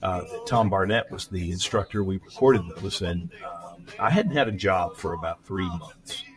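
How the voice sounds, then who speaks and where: A man's voice: low-pitched, moderate pace, crowd noise. A man in his sixties from West Texas, a veteran news anchor telling stories from his career in a casual interview, in neutral broadcaster diction.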